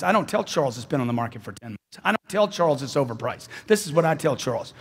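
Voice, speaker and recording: A man's voice: mid-range voice, lively intonation, fast, husky, long reverb tail. A man giving a live sales seminar speech, intense and emphatic, repeating phrases for punch. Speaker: motivational sales speaker.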